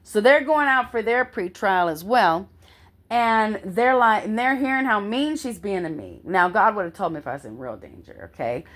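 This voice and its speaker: A middle-aged woman tells a personal story in an animated, chatty way. She keeps checking in with her listener as she goes, and her voice sits at an ordinary middle pitch. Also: normal speed. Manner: animated, constantly checks in with "okay?".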